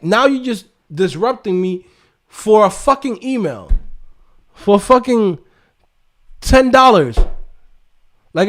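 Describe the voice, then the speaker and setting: A man hosting a livestream, ranting profanely in casual talk about his coding courses and refund requests. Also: extremely high pitch.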